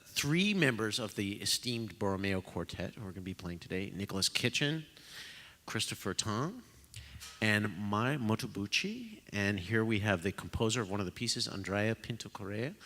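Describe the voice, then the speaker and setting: Male host, low and bright-toned, self-deprecating, casual, in a concert hall with long reverb. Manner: self-deprecating, joking, halting with fillers. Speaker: host of a pre-concert talk. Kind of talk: casual live talk to an audience.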